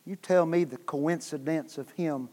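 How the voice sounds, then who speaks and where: A man preaching a revival sermon as guest preacher, telling a story that swings from hushed tones to loud bursts, with repeated words. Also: a little high, a little slow. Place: church sanctuary. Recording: long hall reverb.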